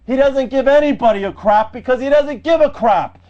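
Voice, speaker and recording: Guy with a really high voice going off on a rant, repeats himself a lot, muffled lo-fi sound. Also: brisk. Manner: loud, fired-up ranting, repeats himself. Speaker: host of an independent internet radio show. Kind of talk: ranting political talk show. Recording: dull lo-fi home recording.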